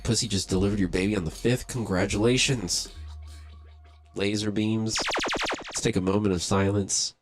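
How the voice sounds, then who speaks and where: Deep-voiced laid-back streamer man. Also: fairly even intonation, moderate pace, loud music behind the voice. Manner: rambling, profane, laid-back. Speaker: livestream beatmaker host. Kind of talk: casual livestream chat.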